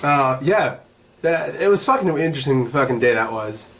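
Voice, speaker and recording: A young man hosting his own vlog, telling a story in a profane, rambling, animated way. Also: mid-range voice, moderate pace. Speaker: vlog host. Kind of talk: casual storytelling.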